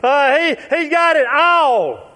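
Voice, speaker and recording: A man preaching a sermon, emphatic and repetitive, drawing out his phrases and now and then shouting or chuckling. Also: very high-pitched, sing-song, takes it slowly.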